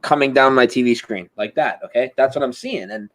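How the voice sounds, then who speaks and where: A man's voice: mid-range voice, fairly quick, rough recording. A man telling a story over a video call. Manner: animated, imitates sounds, swears freely. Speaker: interview guest. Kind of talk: casual storytelling.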